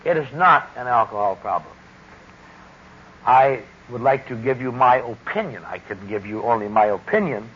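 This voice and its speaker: A middle-aged man speaking deliberately and wryly, giving a personal testimony talk about recovery. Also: medium pitch, animated. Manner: deliberate, wry, emphatic speaking. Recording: dull lo-fi recording with faint hiss.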